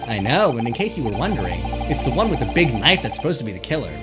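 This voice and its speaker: Male streamer, live game commentary, rambling and crude, very lively pitch, game music clear behind. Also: fast.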